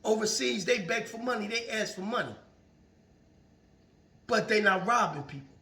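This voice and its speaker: A man talks earnestly to his viewers in a casual motivational monologue, circling back to the same phrases. His voice sits on the high side and has a bright edge. The sound is roomy and distant, as if the mic is across the room. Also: expressive, moderate pace. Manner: earnest and preachy, repeats phrases. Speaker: vlogger. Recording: roomy echo, far from the mic.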